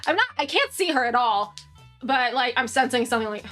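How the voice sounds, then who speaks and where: A woman's voice: on the high side, animated, brisk, fairly bright tone, soft background music. A woman player in a tabletop game, chatting casually in a quippy, playful way. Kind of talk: casual chat.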